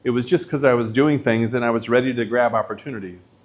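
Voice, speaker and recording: A man's voice: medium pitch, fast talker. Casual middle-aged man lecturing. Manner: casual storytelling, animated, uses filler words. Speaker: visiting professor.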